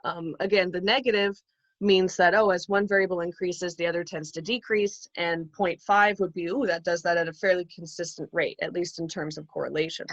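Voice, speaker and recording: A woman's voice: lowish voice, fairly even intonation, a little fast, no echo. A woman instructor giving a recorded psychology lecture from home, explaining carefully with frequent ums and restarts. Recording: dull lo-fi, dry.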